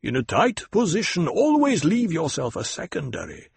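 Gruff commanding desert chieftain, husky, louder and higher than the narration, as a narrator puts him on. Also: male voice, wildly swooping pitch, normal speed, dry recording, full character voice. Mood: stern. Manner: blunt, commanding, instructive. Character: stern older male desert troop leader.

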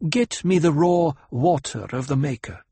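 A man's voice: on the high side, a little slow, breathy edge, no room sound, voice pushed up. A man voicing a stern, commanding young desert woman in an audiobook reading, in a firm, clipped delivery.

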